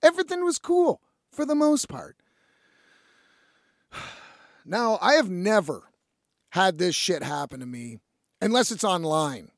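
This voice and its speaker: A man's voice: high-pitched, measured pace, gravelly, pauses often, dry recording, clean studio sound. A man hosting a podcast, telling a story in casual, profane talk and acting out the other people's lines. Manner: profane, animated, acts out quoted voices. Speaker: podcast host.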